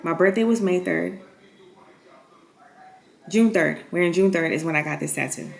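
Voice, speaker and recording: A woman's voice: lowish voice, moderate pace, gravelly. A woman candidly retelling a painful personal story in a vlog, emotional and dramatic. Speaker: nurse telling a personal story.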